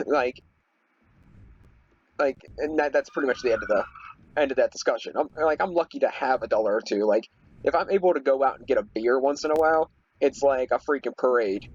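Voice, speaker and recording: A man's voice: medium pitch, a little fast, husky, dry recording, dull audio. A young man rambling casually through a story while playing a game, with lots of fillers and restarts. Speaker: gaming video host. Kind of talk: casual storytelling over gameplay.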